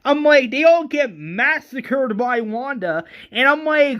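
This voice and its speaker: A movie reviewer ranting in an exasperated, excitable way, stumbling over restarts and swearing often. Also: sits high, takes it slowly, muffled recording.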